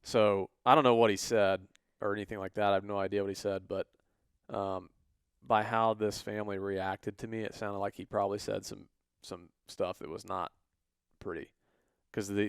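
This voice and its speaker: A man's voice: on the low side, unhurried, creaky, clean tone, no room sound, clean studio sound. A man, co-hosting a podcast, telling a story in a casual way and acting out the people he quotes. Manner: animated, acts out quoted voices. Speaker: podcast co-host.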